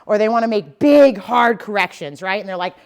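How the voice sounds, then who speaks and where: A woman's voice: mid-range voice, fairly quick, darkish tone, clear, resonant tone. A young adult woman dog trainer giving a casual, explanatory lesson to dog owners and often checking in with "okay?" and "right?". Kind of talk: instructional talk to dog owners.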